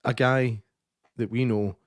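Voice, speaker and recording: A Scottish man rants and tells stories on a film-review podcast, swearing freely in casual talk. His voice sits at a middle pitch. The sound is dry and close, with no room echo. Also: fairly even intonation, takes it slowly. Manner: sweary, ranting storyteller. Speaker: podcast co-host. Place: studio.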